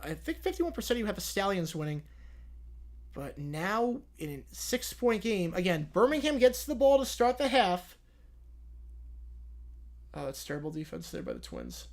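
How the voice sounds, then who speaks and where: A man's voice: high-pitched, wildly swooping pitch, normal speed, pauses often. Young male streamer, casual drowsy Q&A, rambling delivery. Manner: chatty, rambling, self-correcting. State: yawning, drowsy. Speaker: live-stream host answering chat. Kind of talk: casual live commentary and Q&A.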